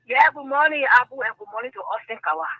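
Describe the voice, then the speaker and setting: A woman's voice: high-pitched, big pitch swings, fast talker, no room sound, lo-fi sound. An older woman, calling in to a talk show and speaking with passion, tearful at times. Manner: impassioned, tearful at times, preachy. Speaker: caller.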